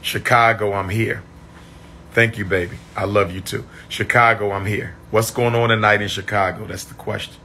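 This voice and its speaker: A man chatting on a livestream, losing his voice, repeating shout-outs to his viewers. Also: on the low side, fairly even intonation, normal speed, a little hiss or hum. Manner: repetitive, call-and-response shout-outs to viewers. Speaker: livestream host. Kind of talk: casual livestream chat.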